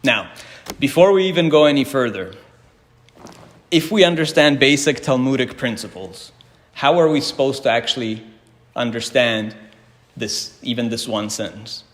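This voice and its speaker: A man's voice: medium pitch, normal speed, long pauses. A man teaching a Talmud class, reading Hebrew and Aramaic passages aloud and explaining each one in English while putting questions to his students. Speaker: Torah teacher. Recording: reverberant hall.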